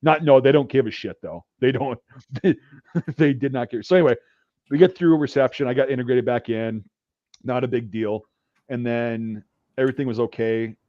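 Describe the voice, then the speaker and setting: A man casually spinning a long profane anecdote, full of fillers and restarts. His voice is mid-pitched and sits in a dull, dry recording. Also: normal speed, no room sound. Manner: profane, rambling anecdote telling. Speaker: podcast host. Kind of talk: casual storytelling.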